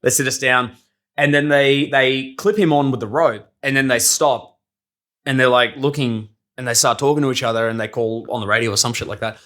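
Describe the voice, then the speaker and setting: A man's voice: medium pitch, fairly even intonation, fairly quick, a bit bright. A young man telling stories casually on a podcast, swearing freely, laughing often and acting out what people said. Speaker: podcast guest, circus performer. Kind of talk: casual storytelling chat.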